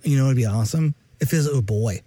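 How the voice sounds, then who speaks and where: A man's voice: medium pitch, fast talker, mellow, breathy edge, no echo. A man co-hosting a podcast in casual chat, joking and rambling, sometimes humming and mock-singing. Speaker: podcast co-host.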